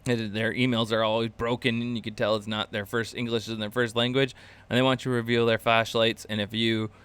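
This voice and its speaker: A man's voice: medium pitch, little pitch movement, brisk, fairly bright tone, clear, resonant tone. A man hosting a casual live-stream class for video creators, rambling loosely with lots of fillers and restarts, chuckling at his own asides. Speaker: channel host teaching a creator class.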